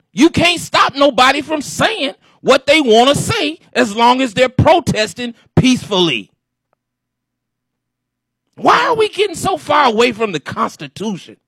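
A high-pitched man with a husky edge delivers an exasperated, preachy commentary rant straight to his audience. His pitch jumps around as he repeats his points. The recording is dry and close. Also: a bit bright, dry recording. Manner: exasperated, lecturing, repeats himself. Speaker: commentary show host.

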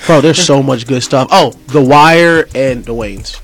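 A man's voice: mid-range voice, unhurried, a bit bright, faint music behind. A young man chatting casually, enthusiastic and emphatic, using slang. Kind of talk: casual chat.

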